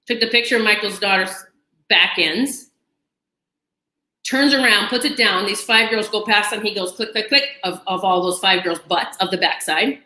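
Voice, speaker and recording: A woman's voice: a little high, moderate pace, bright, forceful tone. A woman host telling a personal story to camera in a chatty, dramatic way, with asides and laughter. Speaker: channel host. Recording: echoey room.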